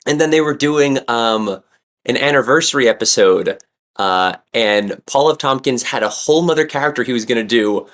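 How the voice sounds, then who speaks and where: Rambling man, mid-pitched, full of fillers. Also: expressive, moderate pace, a bit bright. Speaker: podcast co-host. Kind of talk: casual chat.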